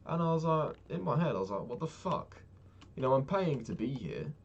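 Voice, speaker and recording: A young vlogger rambles casually while playing a game, swearing freely as he tells a story. His mid-range, husky voice swings widely in pitch and moves fast. The recording is muffled, with keyboard clicks and typing behind him.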